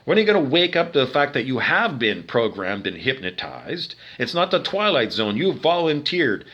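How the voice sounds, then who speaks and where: A man's voice: mid-range voice, very animated, normal speed, a bit bright, husky, muffled recording. A man from Canada ranting to the camera, agitated and profane, repeating himself and firing off rhetorical questions. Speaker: video monologue speaker.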